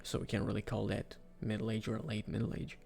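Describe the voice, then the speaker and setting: A man giving casual, rambling commentary for a video, with sudden excited outbursts. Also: lowish voice, a little fast, creaky, husky, soft background music. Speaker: video creator. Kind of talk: casual commentary ranking game characters.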